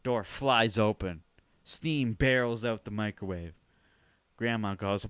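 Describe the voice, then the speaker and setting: A man hosting a podcast, telling a comic story in an animated, profane way with sudden shouted bursts. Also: lowish voice, slow pace, clear, resonant tone, no echo. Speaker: podcast host. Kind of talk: comedic storytelling monologue.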